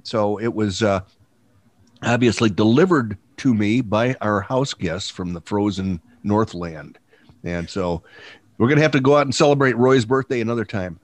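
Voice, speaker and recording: A man hosting a casual podcast, his voice husky from a cold, rambling and wry with many fillers. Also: on the low side, moderate pace. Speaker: podcast host.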